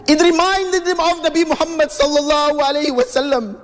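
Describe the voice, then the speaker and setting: Male storyteller, very high voice, emotive reverent narration, soft music behind. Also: a little fast, hardly any pauses. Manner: earnest, emotive, with reverent honorifics.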